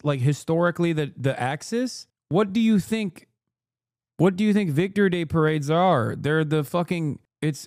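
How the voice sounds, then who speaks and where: A man's voice: on the high side, a little mellow, no echo, clean studio sound. A man in his thirties doing live-stream political commentary, profane and combative, firing back at chat. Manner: profane, combative, rapid asides.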